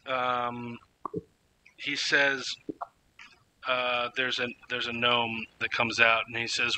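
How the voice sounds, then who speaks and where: A man narrating a tabletop game as game master, halting with many fillers and restarts. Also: mid-range voice, little pitch movement, pushed and bright, slight background noise, rough recording.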